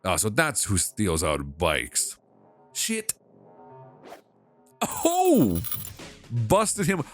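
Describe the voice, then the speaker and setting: Excitable guy doing let's play commentary, swears a lot, voice jumps all over. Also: lowish voice, drawn-out words, soft background music. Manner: excitable, swears and laughs while playing. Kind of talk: casual gameplay commentary.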